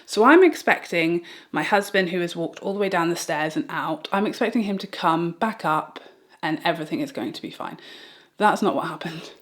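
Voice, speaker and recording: A British woman vlogger telling a personal story in a rambling, animated way, with restarts and small laughs. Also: fairly low pitch, normal speed. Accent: British English. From Britain. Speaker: beauty vlogger. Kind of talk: get-ready-with-me storytime.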